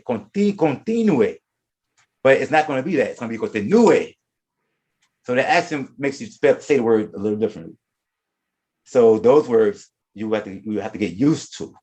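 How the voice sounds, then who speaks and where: A man with a mid-range, slightly mellow voice teaches a Spanish class, explaining verb forms and reading the conjugations out one by one. He often repeats and restarts his words during the lesson.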